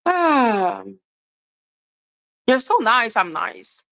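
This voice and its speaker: Profane, ranting woman with a bright voice. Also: on the high side, sing-song, drawn-out words, poor audio. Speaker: livestream commentator. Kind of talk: casual livestream rant.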